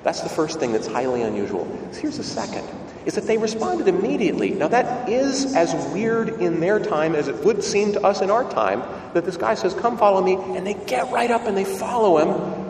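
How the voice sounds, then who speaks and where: A man's voice: on the high side, a little mellow, slight background noise. A male priest preaching a conversational homily in a church, asking rhetorical questions and stumbling over repeated words. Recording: echoey church, far from mic.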